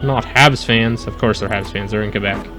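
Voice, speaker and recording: A man's voice: lowish voice, moderate pace, pushed and bright, soft background music. A man casually commentating his gameplay, chatting with his live chat and joking around. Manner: chatty, talks to live chat, jokey mock accents. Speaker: let's play host.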